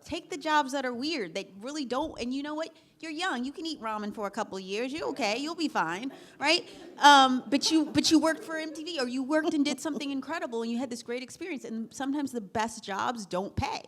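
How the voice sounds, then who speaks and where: A middle-aged woman on a discussion panel giving practical career advice, animated, with laughing asides and acted-out quotes. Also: high-pitched, a little fast, hardly any pauses.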